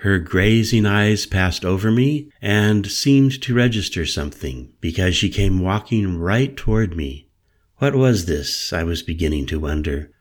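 Slow, low-voiced male story narrator. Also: animated. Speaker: audiobook narrator. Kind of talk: first-person scripted narration.

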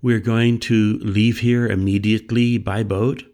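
A man voicing a calm, commanding woman who lays out a firm plan in a measured, instructing way. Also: lowish voice.

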